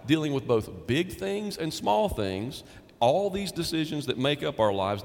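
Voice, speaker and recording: Man preaching in a reverberant hall. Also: mid-range voice. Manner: conversational preaching with emphatic repetition. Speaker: pastor. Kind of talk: sermon.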